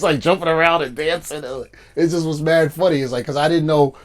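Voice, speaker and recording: A man, a producer guest telling animated stories and acting out his friends' lines in a casual interview. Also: fairly high pitch, fairly quick, few pauses.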